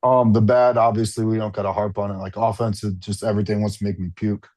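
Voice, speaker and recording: A man with a fairly low voice talks football in a loose, meandering way, full of "like" and "um" and false starts. He speaks over a remote video call, dropping an occasional curse as he chats. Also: level tone, fast, a little mellow, no echo. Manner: rambling, frequent fillers and restarts, mild swearing. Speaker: podcast co-host and football fan. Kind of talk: casual sports chat.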